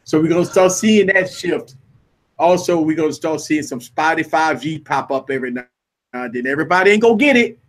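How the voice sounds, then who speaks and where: A man hosts a loose, joking livestream chat. His voice sits a little high for a man, and he tends to repeat his lines while he talks. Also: a little fast. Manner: animated, joking, repeats himself. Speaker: host.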